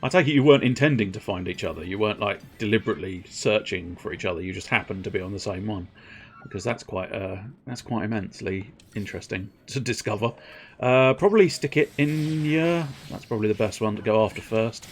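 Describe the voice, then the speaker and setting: A man's voice: on the low side, brisk, slight background noise. A man streaming a video game, chatting casually with viewers in a rambling, self-mocking way. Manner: rambling, self-mocking, breaks into silly voices. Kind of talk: casual live game commentary.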